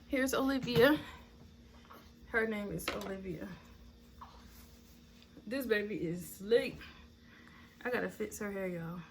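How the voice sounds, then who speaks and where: A woman's voice: medium pitch, takes it slowly, pauses often, noisy background. A young woman vlogger telling a candid, chatty story, blunt and swearing freely. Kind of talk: casual story time.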